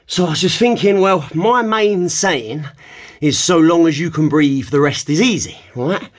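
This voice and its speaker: A man talking while holding a plank, strained and out of breath, sighing between emphatic phrases that burst into shouts. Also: a little high, animated, measured pace. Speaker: fitness vlogger.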